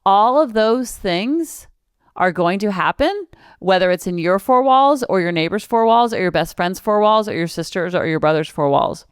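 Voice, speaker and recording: A woman's voice: mid-range voice, animated, moderate pace, smooth, no echo, clean studio sound. A woman in her forties hosting a parenting podcast, chatting casually and piling up long lists of examples. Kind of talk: casual solo podcast talk.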